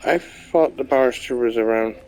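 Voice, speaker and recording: A man's voice: mid-range voice, normal speed, darkish tone, smooth, rough recording. A young man giving casual, rambling commentary while playing a video game, swearing now and then. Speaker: gamer. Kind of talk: casual let's-play commentary. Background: game music.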